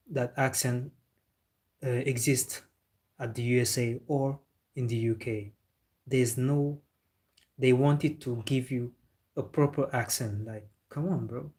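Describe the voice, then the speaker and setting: A Senegalese man hosts a football livestream, chatting casually, laughing and answering viewer comments. His voice is medium in pitch and a little mellow.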